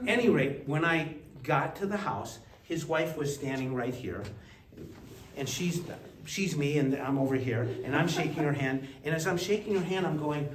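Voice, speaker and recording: Animated storytelling man in an echoey gallery. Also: unhurried, over a noisy crowd. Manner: animated anecdotes, acts out voices with big pitch jumps. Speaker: art collector giving a gallery talk. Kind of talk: casual storytelling talk. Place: museum gallery. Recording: echoey gallery, distant mic, faint hiss.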